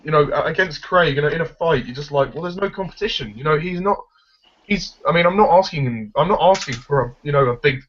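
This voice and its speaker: A man's voice: on the high side, fast talker. A man giving his blunt, opinionated take on a film in a casual discussion. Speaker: film reviewer. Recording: dull lo-fi recording.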